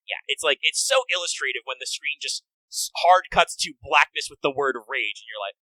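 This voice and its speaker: A man co-hosting a casual talk about a video game, animated, swearing often and slipping into quick character voices. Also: medium pitch, dry recording, rough recording. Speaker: podcast co-host.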